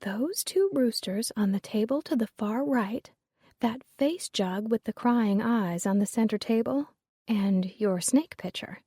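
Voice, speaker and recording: A woman voicing a shrewd middle-aged mother who coaches her daughter in a brisk, urgent way. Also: on the high side, dark tone, slightly rough, no echo, studio quality, voice pushed up.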